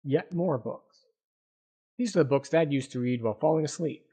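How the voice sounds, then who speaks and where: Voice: mid-range voice, moderate pace, warm tone, breathy edge. A gamer giving let's-play commentary on a retro adventure game, with wry, self-mocking asides.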